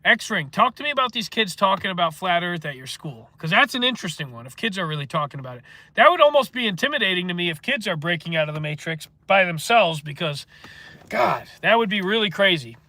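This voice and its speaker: A man's voice: high-pitched, big pitch swings, brisk, pushed and bright, dry recording. A man hosting a casual livestream, rambling and swearing as he answers chat comments. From northeastern United States. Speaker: livestream host.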